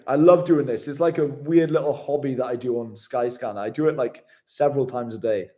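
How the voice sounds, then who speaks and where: Travel vlogger guy, chatty and matey, reading chat on a live stream, slightly high pitch. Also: darkish tone. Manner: chatty, matey, reads out viewer comments.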